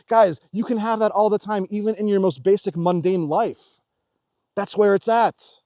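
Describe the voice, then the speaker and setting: Fervent, swearing man with a higher voice. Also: moderate pace, no room sound, studio quality. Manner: intense, swearing, swings between loud exhortation and low murmurs. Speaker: spiritual vlogger. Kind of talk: casual motivational monologue.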